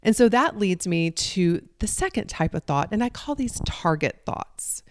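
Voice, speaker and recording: A woman's voice: mid-range voice, big pitch swings, a little slow, no room sound, clean studio sound. A middle-aged woman from the Southern United States with a country Southern accent, hosting a solo podcast in an earnest, conversational way. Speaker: podcast host, life coach.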